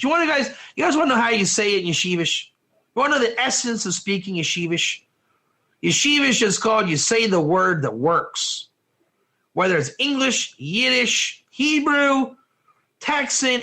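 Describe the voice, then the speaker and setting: A man teaching a live class on proverbs in an excitable, rambling way, often laughing and putting on accents. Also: sits high. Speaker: Torah teacher. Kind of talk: animated classroom lecture.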